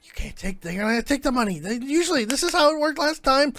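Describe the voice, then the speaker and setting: A man voicing a short, frumpy, pushy male bar owner with a rough voice in a tabletop game. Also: lively intonation, quick pace, no room sound, full character voice. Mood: panicked. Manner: loud, insistent, high and strained. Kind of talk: tabletop role-play.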